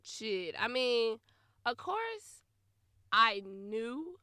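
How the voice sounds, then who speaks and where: Profane, bright-voiced woman podcast host. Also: fairly high pitch, animated, normal speed, dry recording, studio quality. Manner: profane, blunt, laughing, swings from muttering to loud outbursts. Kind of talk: casual storytelling monologue.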